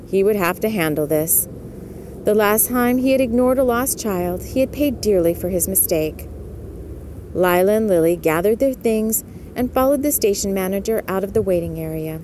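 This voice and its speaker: Gentle female storyteller for ASMR, slow, speaks to the listener. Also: medium pitch, animated, slight background noise, rough recording.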